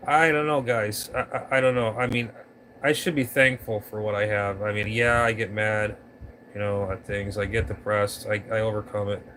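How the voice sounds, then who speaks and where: A man's voice: lowish voice, flat delivery, normal speed, pushed and bright, a little hiss or hum. A man vlogging about ham radio, ranting to his camera on a tripod at home in a rambling way, stumbling over his words. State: allergies acting up. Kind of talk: casual rant to camera.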